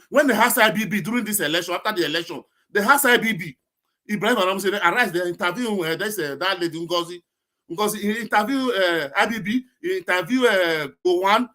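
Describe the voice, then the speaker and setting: A high-voiced man with a Nigerian accent talks in an excited, rambling way, dropping pidgin phrases as he goes. He is heard over an online group call. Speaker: call-in participant. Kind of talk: casual online group discussion.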